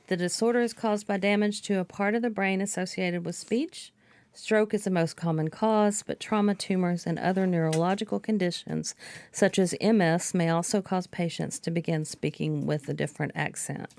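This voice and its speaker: Low-voiced woman co-host, dry sound, reads notes aloud calmly. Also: dry recording. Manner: measured, reads out topics. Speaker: podcast co-host. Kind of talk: casual chat and reading notes aloud.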